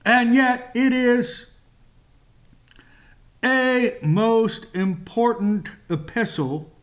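A man hosting a Bible teaching show, speaking in a measured, emphatic way with long pauses and fillers. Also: extremely high pitch, fairly even intonation. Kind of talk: slow, deliberate Bible teaching.

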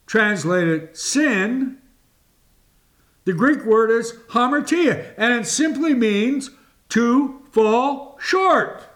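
Very slow, high-pitched male preacher. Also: bright, forceful tone. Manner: deliberate, emphatic preaching with long pauses. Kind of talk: sermon.

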